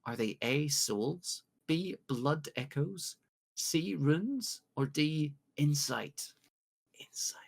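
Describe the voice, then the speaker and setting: A man from the UK hosting a casual podcast quiz, joking along and reading out multiple-choice questions with drawn-out pauses. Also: on the high side, expressive, gravelly, slightly rough. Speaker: quiz host.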